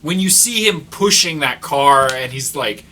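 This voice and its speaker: A man co-hosting a casual movie podcast, talking in an animated, rambling way full of fillers. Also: mid-range voice, measured pace, a little hiss or hum. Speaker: podcast co-host. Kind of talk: casual chat.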